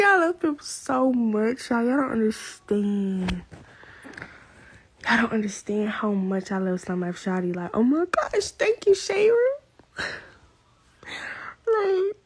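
A teenage girl chatting in a casual vlog from her bedroom, gushing, excitable and slangy as she talks to her viewers. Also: medium pitch, breathy edge. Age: teens. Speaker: vlogger.

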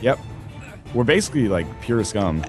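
A man co-hosting a let's play chats casually while gaming with a friend, joking, wandering off topic, and filling gaps with "like." His lowish voice has a sing-song quality, a moderate pace, and a slightly mellow tone. Game music plays behind him.

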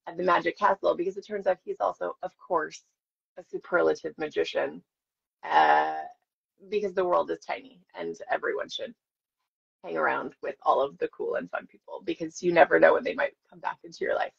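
This actress in her forties talks a little fast, her fairly low voice gravelly and husky. While signing autographs on a live stream, she chats with fans and tells stories, chatty and self-deprecating. The audio is dull and lo-fi.

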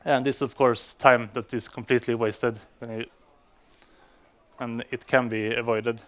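A man's voice: mid-range voice, flat delivery, unhurried, fairly bright tone. A man giving a conference talk to developers, speaking English as a non-native speaker, with frequent fillers and restarts. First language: Swedish. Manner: hesitant, many fillers and restarts.

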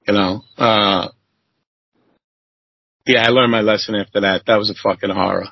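Husky, profane man telling stories. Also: moderate pace, no echo, lo-fi sound. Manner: profane, animated, acts out quotes in a high voice. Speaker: interview guest, former chef. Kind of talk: casual storytelling.

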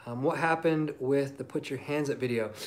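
A male singer-songwriter chats casually on a livestream over a phone mic, reading viewer comments in a relaxed, rambling way with plenty of ums. His voice is mid-range and his pace moderate.

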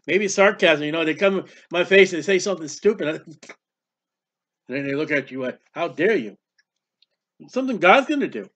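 A man preaching a sermon, animated and emphatic, reading scripture aloud. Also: a little high, brisk. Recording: dull lo-fi sound.

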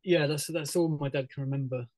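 A man, a musician guest on a radio interview, talking casually in a halting way, full of fillers and restarts, with frequent laughs. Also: a little high, steady tone, a little mellow, no echo, rough recording. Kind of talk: casual radio interview over a video call.

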